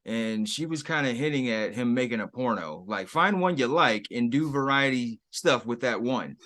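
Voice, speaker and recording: A man's voice: medium pitch, expressive, normal speed, bright, forceful tone. Wry man trading crude quips. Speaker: podcast co-host. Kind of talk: casual recap chat.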